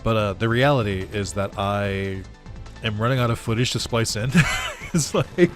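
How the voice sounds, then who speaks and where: Male gaming creator, low voice, loose rambling let's-play chatter. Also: normal speed, music in the background. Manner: rambling, with lots of fillers and chuckles. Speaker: gaming YouTuber. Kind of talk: casual let's-play commentary.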